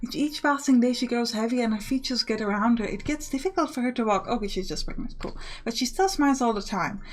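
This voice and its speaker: A woman's voice: fairly high pitch, expressive, quick pace. A woman hosting a let's play, reading the game text aloud and joking about her choices. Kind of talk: casual gameplay commentary.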